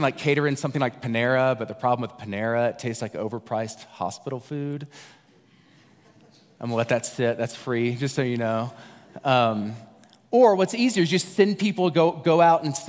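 Conversational guest preacher in a hall. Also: male voice, mid-range voice, animated, fairly quick. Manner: conversational, jokey, acts out the disciples' voices. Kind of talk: sermon.

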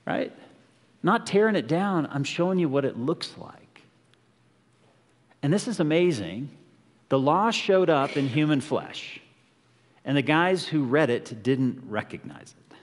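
A man's voice: on the high side, animated, unhurried, long pauses. A man preaching a conversational, earnest sermon as a pastor, often asking the congregation rhetorical questions. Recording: long hall reverb.

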